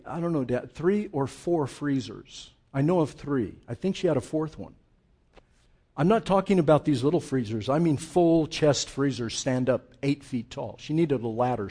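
Male pastor preaching, slightly high voice, jokey storyteller, swings loud and soft. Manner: animated, humorous storytelling, dramatic slowdowns. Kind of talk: sermon.

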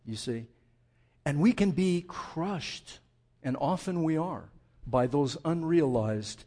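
A male pastor preaching a sermon in a conversational, animated way, asking his listeners rhetorical questions and often restarting his sentences. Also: mid-range voice.

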